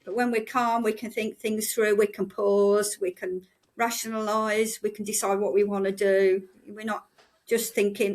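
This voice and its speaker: An older woman, a breathwork therapist, talking in a casual podcast conversation with earnest, halting restarts. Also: mid-range voice, little pitch movement.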